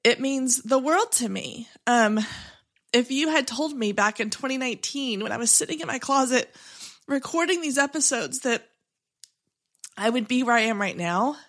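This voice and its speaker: A woman's voice: on the high side, animated, normal speed, pauses often, fairly bright tone. Upbeat chatty woman podcast host. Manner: upbeat and chatty, with many restarts and "like". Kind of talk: solo podcast episode.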